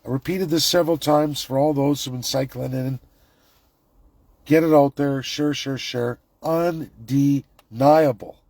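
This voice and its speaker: A man's voice: mid-range voice, steady tone, moderate pace, darkish tone, dry recording. A man, ranting emphatically and repetitively in a political vlog monologue. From Canada. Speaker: political commentator.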